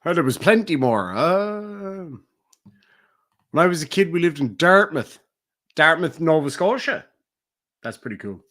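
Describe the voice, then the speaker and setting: A man's voice: fairly high pitch, sing-song, unhurried, pauses often, a bit bright. Rambling Irish man chatting on stream. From Ireland. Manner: rambling, hesitant with frequent ums. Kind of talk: casual livestream chat, reading viewer comments.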